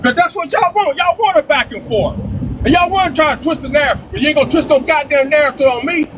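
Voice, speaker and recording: A man arguing heatedly on a live-stream panel, loud and profane, repeating himself and talking over the others. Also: very high-pitched, fast, noisy background.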